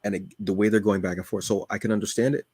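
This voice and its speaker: A man co-hosting a podcast, chatting casually and rambling with lots of halting fillers. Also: lowish voice, flat delivery, darkish tone, breathy edge, no room sound, clean studio sound. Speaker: podcast co-host. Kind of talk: casual chat.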